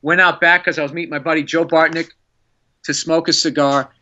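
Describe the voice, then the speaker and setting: A man, a stand-up comedian, telling an animated story with laughs. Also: on the high side, muffled recording. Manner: animated, laughing, fast-paced anecdote telling.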